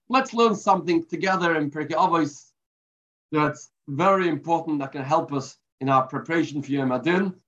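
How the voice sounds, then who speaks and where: A man's voice: on the high side, fairly bright tone. A man giving a weekly religious lesson, telling a parable and mixing in Hebrew terms. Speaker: Torah teacher. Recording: dull lo-fi recording.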